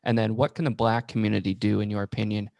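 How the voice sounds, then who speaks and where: A man hosting a podcast interview, asking his questions in a measured, hesitant way. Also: fairly low pitch, level tone, vocal fry, darkish tone, no room sound. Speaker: podcast host. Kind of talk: casual interview conversation.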